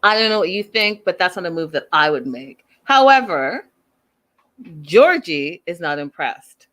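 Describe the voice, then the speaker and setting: A woman's voice: fairly low pitch, expressive, unhurried, fairly bright tone. A woman hosting a casual recap show, chatty and opinionated, firing off rhetorical questions. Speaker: host.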